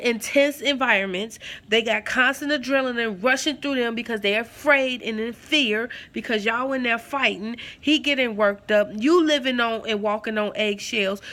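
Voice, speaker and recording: Speaking to camera, a woman with a slightly high, somewhat bright voice gives impassioned advice to her viewers at home. She is preachy and emphatic, repeating her key phrases and calling the listener "girl" and "baby girl."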